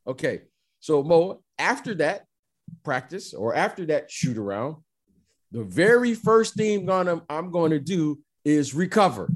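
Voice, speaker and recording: A middle-aged man telling stories in a casual chat, emphatic and animated, often repeating the listener's name. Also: a little high, unhurried. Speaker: former basketball player, guest.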